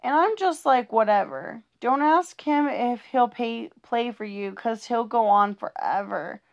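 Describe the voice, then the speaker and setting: A woman reads funny rhyming poems for kids with a bouncy, sing-song lilt. Her voice sits a little high, and she stumbles now and then as she reads. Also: measured pace, creaky, highs cut off. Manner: playful, sing-song rhythm with small stumbles. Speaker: reader of children's poems. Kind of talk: reading humorous rhyming poems aloud.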